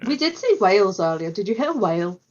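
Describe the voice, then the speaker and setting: A woman's voice: medium pitch, sing-song, fast talker, darkish tone. Woman, tabletop player, blunt cheerful swearing, muffled lo-fi sound. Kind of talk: casual tabletop game chat. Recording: slightly dull lo-fi mic.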